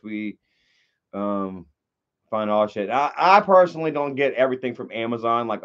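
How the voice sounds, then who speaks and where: A young man hosting a casual livestream, rambling and swearing as he greets viewers and chats. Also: mid-range voice. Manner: rambling, profane, laid-back. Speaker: livestream host. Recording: dull lo-fi stream audio.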